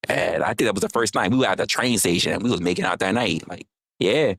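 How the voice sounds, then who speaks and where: Low-voiced american guy on a stream, rambling, cussing, teasing chat, dry close sound. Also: fast talker, vocal fry, no room sound. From United States. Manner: animated, rambling, swears freely, playful teasing. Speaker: livestream host. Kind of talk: casual livestream chat.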